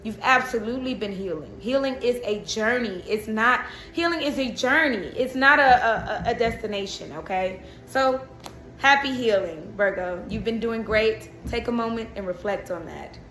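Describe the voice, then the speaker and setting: Chatty bright-voiced woman reading tarot. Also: a little high, normal speed, echoey room, slight background noise. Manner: chatty, laughs and breaks into song. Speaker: tarot reader.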